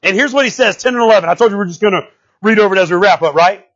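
Male pastor with a high, husky voice, conversational preaching that swings from quiet asides to shouts. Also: racing, lo-fi sound. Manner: animated, conversational preaching with frequent "right?" asides; swings from low murmurs to shouted outbursts. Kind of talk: sermon.

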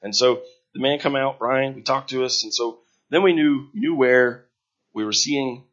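A man, a missionary, tells his story to a gathered audience in a halting, earnest, emotional way, repeating words when moved. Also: mid-range voice, a bit bright. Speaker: missionary sharing his testimony. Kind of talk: emotional personal testimony to a gathering. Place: room before a gathered audience. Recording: dull lo-fi recording.

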